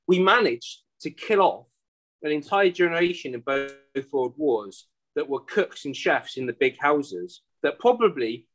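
Husky English man, sweary and rambling. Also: a little high, poor audio. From England. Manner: sweary, rambling, animated storytelling. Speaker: podcast host. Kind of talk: casual chat.

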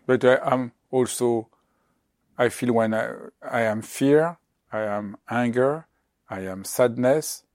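Gravelly man asking halting questions. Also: mid-range voice, darkish tone, no echo, clean studio sound. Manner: halting, restarts sentences. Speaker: interviewer. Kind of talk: conversational questioning.

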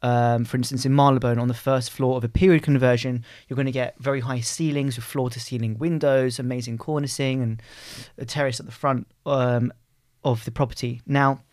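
A man co-hosting a laid-back podcast, talking through a point in a rambling way and laughing at himself. His voice sits at a middle pitch, recorded close to the mic in a small, dry room. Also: fairly even intonation, a little fast, hardly any pauses, a little mellow, no room sound. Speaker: podcast co-host, real estate advisor. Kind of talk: casual podcast chat. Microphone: close studio mic.

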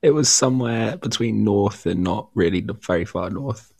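A man's voice: on the low side, normal speed, vocal fry, a little mellow, slightly rough. A man co-hosting a casual podcast, sounding sick, with a teasing, wry manner. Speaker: podcast co-host. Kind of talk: casual chat.

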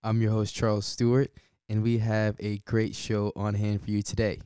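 A man's voice: lowish voice, completely flat delivery, moderate pace, warm tone, clear, resonant tone, no room sound, studio quality. A man hosting his own podcast, talking casually and laid-back, often chuckling between points. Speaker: podcast host. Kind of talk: casual solo podcast talk.

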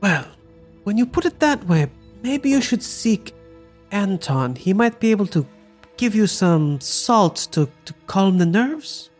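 A game master narrating a tabletop session with a lively, swooping delivery and frequent restarts. Faint music runs underneath. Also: mid-range voice, a little slow.

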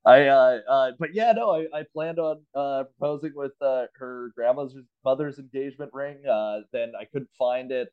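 A man co-hosting a casual podcast chat from home, telling a rambling story that is peppered with swearing and bursts of laughter. His pitch sits in an ordinary middle range. The remote recording sounds a little dull and lo-fi. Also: normal speed, hardly any pauses, smooth. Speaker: podcast co-host. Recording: slightly dull, lo-fi remote audio.

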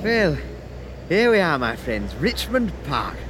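A man's voice: fairly high pitch, very animated, slow, background noise. A man narrating a comic audio sketch, bumbling and chatty, talking to listeners as his friends.

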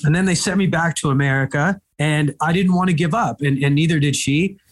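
A man from Egypt, a comedian, telling lively anecdotes in an interview with quick asides. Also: fairly high pitch. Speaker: comedian guest. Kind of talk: storytelling interview chat.

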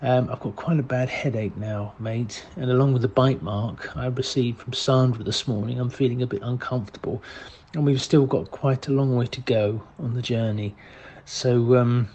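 A man's voice: medium pitch, fairly even intonation, moderate pace, a little mellow, breathy edge, highs cut off. Mild-mannered man rambling into a voicemail. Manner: mild, polite, rambling with many fillers. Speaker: driver leaving voicemails. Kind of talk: deadpan comedy voicemail monologue.

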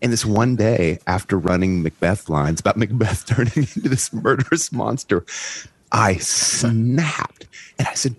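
Podcast host, male, low voice, animated storyteller, dry close sound. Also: moderate pace, slightly rough, dry recording. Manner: animated storyteller, voice climbs high when excited. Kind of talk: conversational storytelling in an interview.

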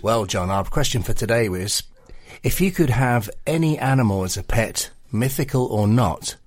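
A man's voice: medium pitch, animated, normal speed, no room sound. A man, the show's producer, reading out the day's question in a plain manner.

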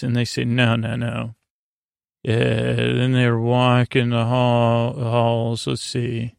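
Man, podcast host, monotone sleepy recap, gravelly, halting, dry close sound. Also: no echo. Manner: halting, full of uhs and let's-sees; monotone, low-key delivery. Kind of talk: rambling bedtime episode recap.

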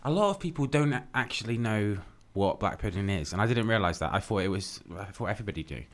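A man co-hosting a casual podcast with dry, deadpan quips. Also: lowish voice, fast. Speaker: podcast co-host.

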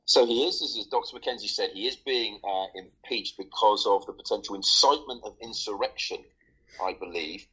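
Husky low-voiced man hosting. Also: normal speed, highs cut off. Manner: relaxed, hesitant with fillers, joking. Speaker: podcast host. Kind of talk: casual podcast chat.

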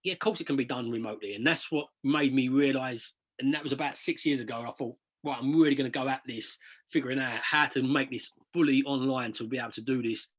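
A man's voice: medium pitch, quick pace, husky. A man who invests in property, telling stories in a chatty, rambling way in an interview, often repeating words as he restarts. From southern England. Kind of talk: casual interview storytelling.

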